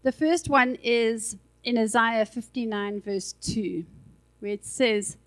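A woman's voice: fairly high pitch, slow pace, low-quality recording. A woman preaching a sermon in a chatty, conversational way with asides, speaking into a handheld mic in a church. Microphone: handheld microphone.

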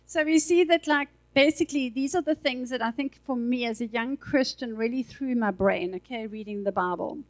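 A woman's voice: fairly high pitch, moderate pace, hardly any pauses, rough recording. A woman preaching a sermon in a chatty, conversational way with asides, speaking into a handheld mic in a church. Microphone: handheld microphone.

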